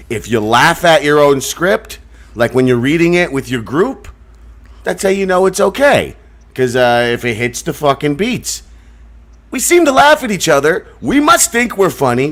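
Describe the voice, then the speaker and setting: A man hosting a podcast, rambling wryly in casual banter. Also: mid-range voice. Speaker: podcast host.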